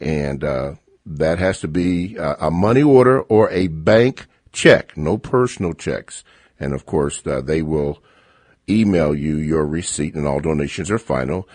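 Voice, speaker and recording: A man hosting a call-in radio show, reading out listener emails slowly with many fillers. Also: rumbling low, animated, darkish tone, dry recording. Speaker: radio host.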